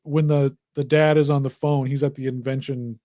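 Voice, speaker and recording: A young man co-hosting a casual show, telling stories with lively acted-out quotes. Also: mid-range voice, normal speed, no room sound, clean studio sound. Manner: animated storyteller acting out quotes. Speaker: podcast co-host. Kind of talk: casual chat.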